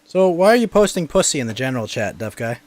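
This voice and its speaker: A man's voice: mid-range voice, very animated, fast, a little mellow, no echo. A man hosting a streamed podcast, joking around and answering his chat. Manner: playful, reads and answers chat.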